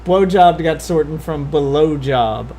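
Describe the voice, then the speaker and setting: A woman's voice: sits low, a little slow, mellow, a little hiss or hum. A woman streamer chatting casually on a live stream, blunt and crude, joking and talking over her co-host. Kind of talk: casual chat.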